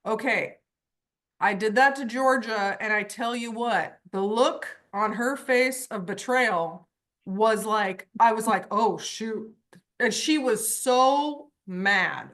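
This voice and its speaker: A woman's voice: on the high side, slow pace. A woman coaching horse owners on a video call, telling stories and acting out the voices in them. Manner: lively storyteller, acts out voices. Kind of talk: online group coaching call.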